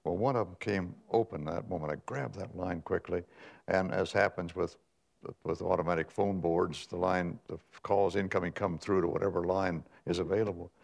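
An older man recounts his career as a newsman in a slow, measured way, pausing and restarting as he thinks. His voice sits very low and has a gravelly, creaky texture. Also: fairly even intonation. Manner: measured, with frequent pauses and restarts. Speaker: guest, veteran newsman. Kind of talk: reflective conversational storytelling.

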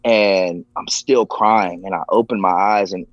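An unhurried man with a low-pitched, steady voice opens up about his own story as a podcast guest. He sounds earnest and emotional, giving voice to the people he quotes. The recording is dull lo-fi and dry, without any room sound.

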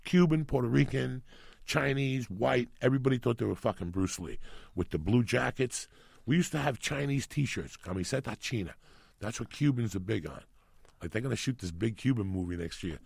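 A middle-aged New York City man with a gravelly, husky voice of medium pitch, talking at a normal speed on a dry recording. In casual chat he tells rambling stories full of profanity, animated throughout.

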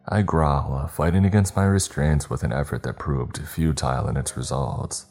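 A man reading a scripted horror story in the first person, steady and measured. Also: rumbling low, faint music behind.

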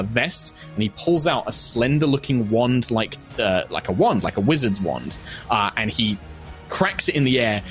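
A man's voice: mid-range voice, a bit bright. A man running a tabletop game as game master, describing the scene in a loose, rambling way.

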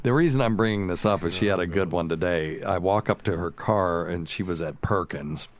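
A man hosting a radio talk show, telling funny stories in a relaxed, animated way and laughing along. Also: sits low, brisk. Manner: animated storyteller, laughs at his own stories. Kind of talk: casual storytelling chat.

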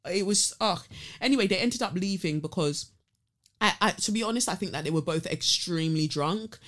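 A woman's voice: on the low side, fairly quick. Blunt ranting woman. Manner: animated, blunt and sweary, mimics people. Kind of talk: ranting storytelling.

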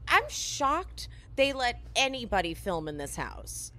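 A woman's voice: fairly high pitch, sing-song, slow, sharp tone. A woman casually recapping a reality show on a podcast, telling it as a story and acting out the quotes, with lots of "like". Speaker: podcast co-host.

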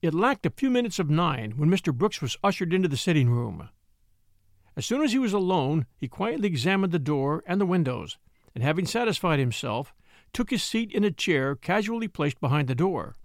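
A man narrating a classic story as an audiobook in an expressive storytelling manner. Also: fairly high pitch, a little fast, no room sound, clean studio sound.

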